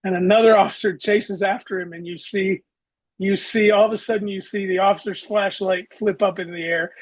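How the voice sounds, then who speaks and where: A man's voice: sits high, fairly even intonation, fairly quick, dry recording, rough recording. A middle-aged man, a former traffic cop telling his stories matter-of-factly as an interview guest. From Southeastern United States. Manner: matter-of-fact, vivid storyteller. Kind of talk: interview storytelling.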